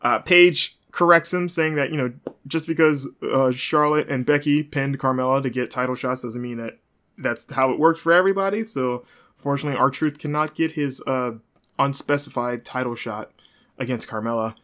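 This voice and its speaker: A man's voice: medium pitch, moderate pace, fairly bright tone. A young man hosting a podcast, recapping wrestling in a casual, rambling way with lots of fillers and dry joking asides. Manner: rambling, chatty, frequent fillers and self-corrections.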